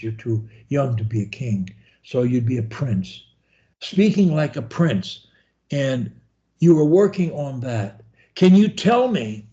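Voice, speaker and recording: A man's voice: mid-range voice, mellow, muffled recording. A man coaching a student one-on-one over a video call, talking in a folksy, rambling, encouraging way. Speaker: speech coach.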